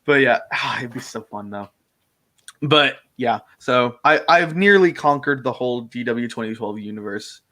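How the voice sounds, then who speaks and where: A young man talks in an easygoing, rambling way, breaking into laughs and quick impressions. His voice is lively and swings widely in pitch as he chats. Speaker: fan-film actor and co-host. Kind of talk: casual chat.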